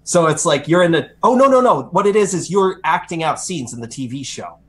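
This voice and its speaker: A man's voice: fairly high pitch, brisk. A man co-hosting a gaming podcast, chatting casually and rambling through game opinions. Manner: rambling, self-correcting, animated impressions. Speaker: podcast co-host.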